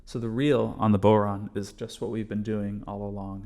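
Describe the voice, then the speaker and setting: A man's voice: fairly low pitch, little pitch movement, normal speed, few pauses. Patient man teaching drum strokes. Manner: patient, explains step by step, calls out strokes loudly. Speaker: bodhrán teacher. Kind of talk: music lesson, counting along with drumming.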